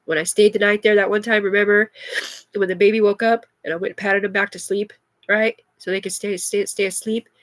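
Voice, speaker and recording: A middle-aged woman talks on a livestream in a restless, rambling way, cursing as she goes. Her voice sits at an ordinary pitch for a woman. The recording is dry, with no room sound around her. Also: level tone, fairly quick, a bit bright, no room sound. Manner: agitated, profane, rambling.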